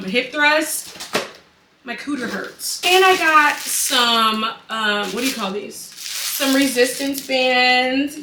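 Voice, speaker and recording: A young adult woman vlogging a casual haul, dramatic, excitable and chatty. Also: a little high, background noise. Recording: echoey room, mic at a distance.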